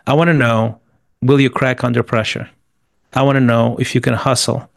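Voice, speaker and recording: Gravelly emphatic man giving advice. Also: mid-range voice, flat delivery, dry recording. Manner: emphatic, repeats words, lists rapidly. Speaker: guest. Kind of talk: interview answers, motivational advice.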